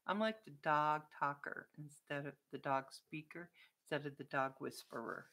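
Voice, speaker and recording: A woman's voice: low voice, normal speed, a bit bright. A woman vlogger in a casual live-stream chat with viewers, chatty and playful, often laughing and breaking off to talk to her dog.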